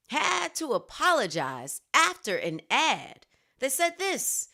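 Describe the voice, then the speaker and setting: A woman hosting a news commentary show, talking straight to viewers with animated indignation. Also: sits high, takes it slowly, creaky. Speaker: show host.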